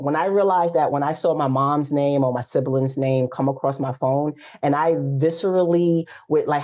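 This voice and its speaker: Lively woman in her forties, lo-fi sound. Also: low-pitched. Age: 40s. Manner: lively storytelling, frank and emphatic. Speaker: guest coach. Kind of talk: casual podcast conversation. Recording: slightly dull lo-fi audio.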